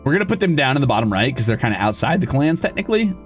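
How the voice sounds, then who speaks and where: A man streaming and chatting casually, excitable and profane, with sudden loud outbursts. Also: medium pitch, very fast, faint music behind. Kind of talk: casual live-stream chat.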